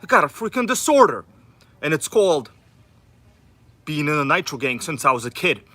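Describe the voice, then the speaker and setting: Hosting a casual RC livestream from an indoor room with the air conditioner going, a Queens man with a New York accent hypes up viewers by name like an over-the-top announcer. His voice is on the high side, sing-song and sharp, at normal speed.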